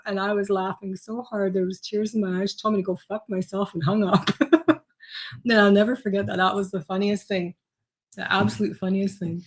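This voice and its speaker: A woman co-hosting a casual chat show, telling animal stories and laughing through them. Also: medium pitch. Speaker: co-host.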